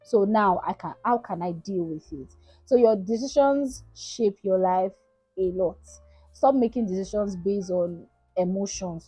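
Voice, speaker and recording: Lady in her 30s doing advice vlog, husky voice, dry close sound, keeps saying right?. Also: mid-range voice, warm tone, no room sound, low-quality recording. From Nigeria. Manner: earnest, repetitive, frequently asks "right?". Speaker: content creator. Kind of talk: casual advice talk to camera.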